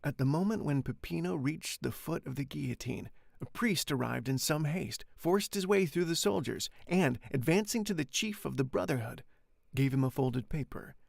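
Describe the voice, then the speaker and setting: A man reading a classic novel aloud as an audiobook narrator, steady and plain, with occasional retakes. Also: on the high side, normal speed, creaky, few pauses, dry recording, clean studio sound. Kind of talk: audiobook narration with casual asides. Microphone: studio microphone, home recording.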